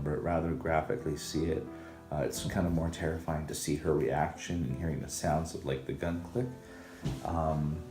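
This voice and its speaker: A man casually recapping a TV episode, rambling with many ums and uhs. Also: a bass voice. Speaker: show recap host. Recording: echoey room with music behind.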